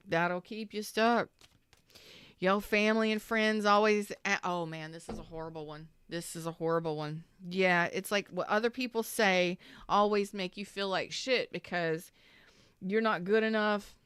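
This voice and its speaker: A woman's voice: fairly low pitch, a bit bright, clear, resonant tone, dry recording, clean studio sound. A woman giving a rambling, emphatic tarot reading, repeating herself for emphasis and swearing casually. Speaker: tarot reader. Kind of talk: spontaneous tarot reading monologue.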